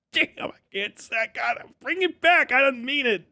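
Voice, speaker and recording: A man with a voice pitched high for a man rants through casual livestream commentary. He swears freely and keeps breaking into laughter as he talks. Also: lively intonation, moderate pace, pushed and bright. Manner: profane, ranting, laughs often. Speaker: streamer.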